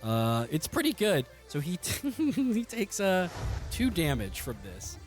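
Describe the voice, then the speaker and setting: A man's voice: high voice, huge pitch swings, a little slow, faint music behind. A man running a tabletop game as game master, narrating in a rambling way full of fillers and laughs.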